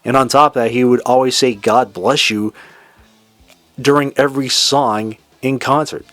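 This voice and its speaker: A man with a Boston accent hosting a solo classic rock show, talking with excitement and now and then singing bits of lyrics. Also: medium pitch, moderate pace, dry recording. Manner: enthusiastic, sings lyrics and imitates singers. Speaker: podcast host. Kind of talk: casual solo music commentary.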